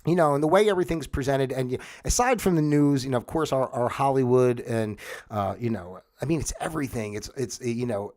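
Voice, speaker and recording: Speaking briskly in a mid-range, somewhat dark voice, a middle-aged man running a livestream wanders through a casual monologue full of fillers and false starts, and he mimics a newscaster with mock solemnity.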